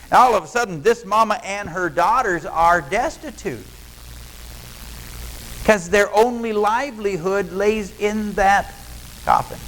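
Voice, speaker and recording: A man's voice: sits high, measured pace, fairly bright tone, a little hiss or hum, rough recording. A male pastor, preaching a sermon in a folksy storytelling way and acting out what people in the story say. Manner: folksy storytelling, acts out quoted lines.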